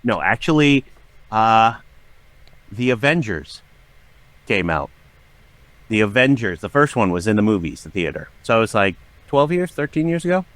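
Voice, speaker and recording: Animated man telling candid stories. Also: lowish voice, moderate pace, pauses often, no room sound. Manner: animated storyteller who acts out quoted voices. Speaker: guest, writer and voice actor. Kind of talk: candid storytelling conversation.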